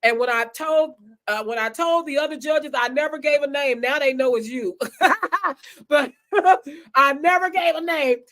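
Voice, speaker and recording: A woman's voice: high-pitched, moderate pace. A woman hosting a casual live online chat, talking chattily to her audience and guest over a video call. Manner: chatty, animated, addresses audience as "y'all". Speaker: host.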